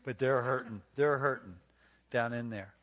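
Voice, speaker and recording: At a marriage retreat, a man with a mid-range, fairly bright voice preaches emphatically at a moderate pace. His sermon-like teaching includes coaching volunteers through live role-play.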